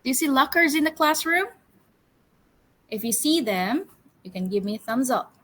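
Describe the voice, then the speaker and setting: A woman teaching English to young children, speaking slowly and clearly, drilling words for them to repeat and praising them. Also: high-pitched, lively intonation, fairly bright tone, rough recording. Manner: slow, clear, encouraging, drills words for repetition. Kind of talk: classroom storytelling lesson for children.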